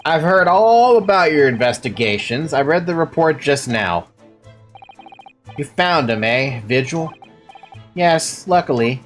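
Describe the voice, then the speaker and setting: A woman's voice: deep voice, animated, measured pace, soft background music. A woman voicing a jovial middle-aged Scottish prison governor with a put-on Scottish accent and a folksy brogue. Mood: breezy.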